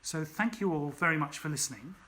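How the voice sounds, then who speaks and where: A man's voice: a little high, animated, fairly quick, bright, forceful tone. A man, an author, reading his story aloud and then chatting casually with viewers on a home livestream, full of ums. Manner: chatty, many ums, thanks viewers by name. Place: at home during lockdown.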